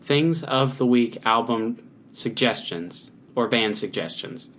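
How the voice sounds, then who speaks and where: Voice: medium pitch, slow pace. Easygoing podcast co-host, faint noise behind. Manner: relaxed, easygoing banter. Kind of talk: casual chat.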